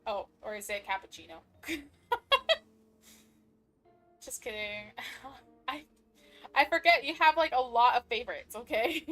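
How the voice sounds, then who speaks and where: A woman's voice: on the high side, unhurried, long pauses, fairly bright tone. A woman streaming a game live, chatting bubbly with her viewers and laughing often. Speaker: VTuber streamer. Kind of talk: casual live-stream chat while gaming. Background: faint background music.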